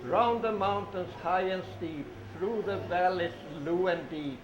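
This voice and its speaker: A man's voice: sits high, unhurried. A man reading children's train picture books aloud in a sing-song way, repeating words and getting kids to say the train sounds along with him. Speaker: storybook reader for children. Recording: echoey room, dull lo-fi sound with noise.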